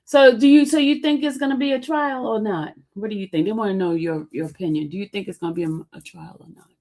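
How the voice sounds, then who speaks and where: A woman's voice: medium pitch, quick pace, a little mellow. A woman hosting a casual live stream, teasing her chat and laughing often. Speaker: livestream host.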